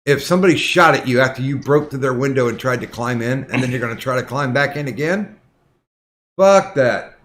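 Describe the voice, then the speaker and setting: A man's voice: mid-range voice, a little fast, a bit bright, a little hiss or hum. Profane, heated male podcast host. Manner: profane, heated retelling with many restarts. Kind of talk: casual storytelling chat.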